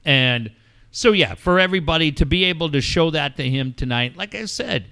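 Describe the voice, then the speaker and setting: A man's voice: on the high side, lively intonation, moderate pace, vocal fry, pushed and bright, clean tone. A middle-aged man hosting a radio show, telling a story casually and acting out phone calls in quoted voices.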